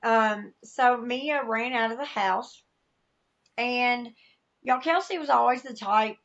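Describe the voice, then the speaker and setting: A woman's voice: fairly high pitch, slow, gravelly, a bit bright, muffled recording. A woman with a Southern US accent, a podcast guest sharing a personal testimony, candid and emotional, acting out the voices she quotes. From American South.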